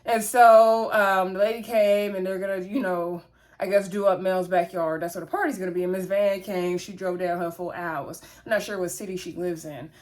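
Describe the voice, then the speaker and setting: A woman's voice: lowish voice, steady tone, moderate pace, a little mellow. A woman, casually recapping a reality show episode in a chatty, gossipy way. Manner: chatty, gossipy, acts out the cast's lines.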